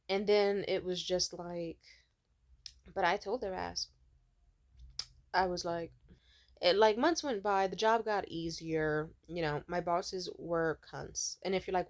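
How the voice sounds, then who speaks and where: A woman's voice: on the low side, steady tone, measured pace. A young woman vlogger sitting at home, telling a rambling, profane story full of "like" fillers. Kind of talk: casual storytelling rant.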